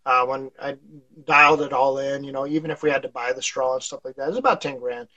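A man's voice: mid-range voice, fast talker, sharp tone, highs cut off. A man being interviewed on a casual podcast, telling stories in a rambling way with lots of fillers and chuckles. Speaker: podcast guest, fire instructor.

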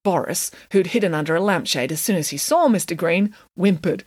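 A woman reading her own children's storybook aloud with expressive, playful narration. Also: on the low side, a little fast, hardly any pauses, slightly rough, no echo, studio quality. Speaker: author reading her book.

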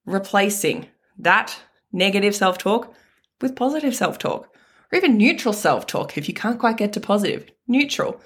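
A woman delivers motivational self-help advice in a frank, casual way, dropping the odd swear word. She hammers points home by repeating key phrases. Her voice sits in a middling pitch. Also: expressive, normal speed, slightly rough. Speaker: self-help podcast host.

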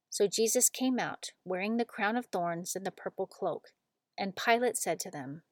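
A woman reading scripture aloud in a measured, solemn narration. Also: mid-range voice, no room sound. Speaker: scripture reader.

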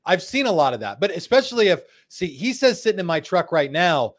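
A man's voice: sits high, sing-song, brisk. A man hosting a casual live stream, chatting and joking as he reads viewer comments aloud. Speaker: host. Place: studio in Phoenix.

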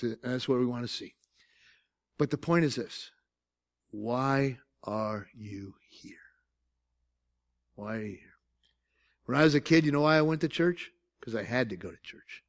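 An older man with an Upstate New York accent, preaching a lively, joking sermon as pastor. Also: a little high. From Syracuse, New York. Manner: animated, joking storytelling with laughs.

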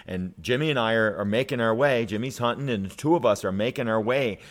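A man in his fifties telling a hunting story in a casual chat, animated and full of restarts and "right?". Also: mid-range voice, a little fast. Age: 50s.

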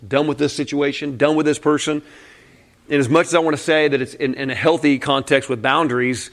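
A man preaching a conversational sermon in a candid, casual way, often saying "man" and breaking into short laughs. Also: medium pitch. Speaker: pastor.

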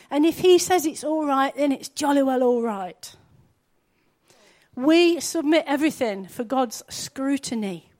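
A woman's voice: high-pitched, darkish tone. A woman, preaching a sermon in an earnest, conversational way, often asking her listeners questions.

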